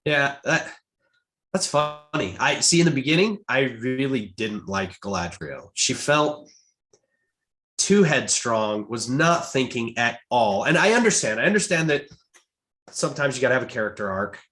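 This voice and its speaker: A man talking as a podcast guest in casual chat, animated and halting, with frequent repeated restarts. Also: medium pitch. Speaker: guest Tolkien expert.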